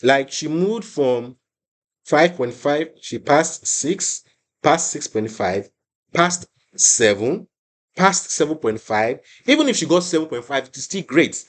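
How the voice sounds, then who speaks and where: A man's voice: a little high, lively intonation, unhurried. A young adult man tutoring an online exam-prep class, stressing points by repeating himself and restarting his sentences. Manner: emphatic, repeats phrases, many restarts. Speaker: IELTS tutor.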